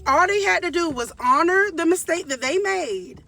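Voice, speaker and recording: A woman vlogger talks straight to her viewers in a heated storytime rant. Her voice sits high and rings bright. She hammers her points by repeating them and often restarts her sentences. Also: lively intonation, normal speed, vocal fry, few pauses, recorded from a distance. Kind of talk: casual storytime rant to camera.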